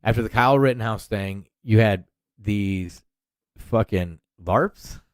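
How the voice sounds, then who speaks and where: A podcast host in his thirties, with a fairly low, clean voice, speaks slowly on a dry recording. It's a solo rant podcast, and he's profane, rambling, and heated.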